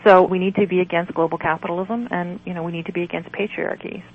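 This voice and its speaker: A woman reading her own prose aloud in a measured, earnest way, then answering interview questions. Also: fairly low pitch, steady tone. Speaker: author and guest. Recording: dull lo-fi sound with faint noise.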